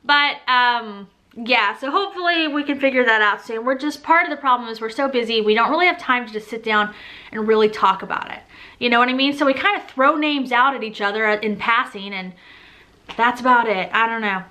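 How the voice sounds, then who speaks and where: A woman's voice: a little high, brisk, pushed and bright. A pregnant young woman giving a casual, rambling vlog update, laughing often as she talks. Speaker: vlogger.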